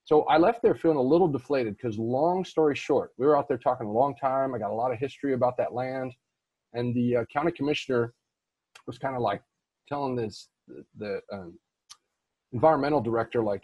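Brief: man, husky voice, dry close sound, rambling storyteller guest. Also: mid-range voice, brisk, no echo, lo-fi sound. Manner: rambling with frequent restarts and fillers. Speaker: guest real estate investor. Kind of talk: casual storytelling interview.

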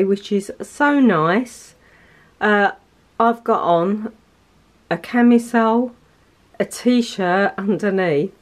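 A woman in her sixties chatting casually on her lifestyle vlog, soft-spoken and heartfelt. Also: mid-range voice, poor audio. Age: 60s. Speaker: lifestyle vlogger.

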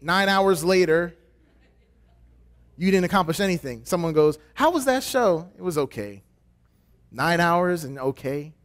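A man delivering a sermon as a pastoral intern, conversational and joking, acting out quoted voices with big swings in pitch.

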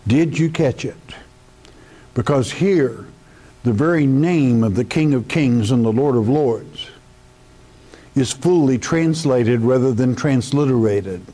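A man's voice: mid-range voice, slow pace, mellow. A man teaching the Bible verse by verse in a sermon, speaking emphatically and addressing the listener directly as a friend. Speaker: pastor.

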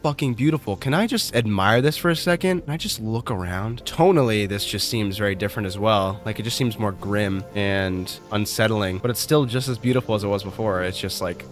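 A young man commenting on a game as he plays, excitable and profane, his voice leaping up into shrieks when startled. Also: lowish voice, fairly quick, hardly any pauses, soft background music. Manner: excitable, swears a lot, shrieks when scared. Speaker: gaming streamer. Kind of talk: let's play commentary.

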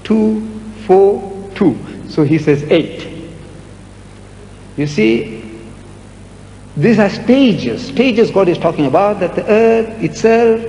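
A man's voice: high voice, animated, slow, pauses often, mellow, highs cut off. A man giving a public lecture and answering audience questions, speaking emphatically and repeating words for effect. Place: large lecture hall with audience. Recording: echoey hall with long reverb, faint noise.

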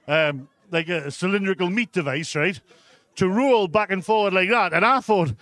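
A man's voice: sits high, moderate pace, fairly bright tone, no room sound. A man with a Geordie accent doing a live stand-up set in a comedy club, telling a crude story with constant "right?" asides to the crowd.

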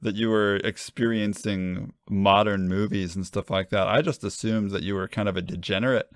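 A man's voice: on the low side, steady tone, fairly quick, no room sound, studio quality. A young adult man co-hosting a podcast, chatting casually and joking in a rambling, self-deprecating way. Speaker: podcast co-host.

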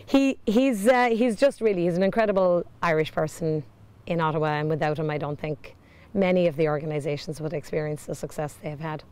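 A woman speaks in an interview in an earnest, heartfelt way. Her voice is lower than most and smooth and clear. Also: steady tone, brisk, a little mellow. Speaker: team member.

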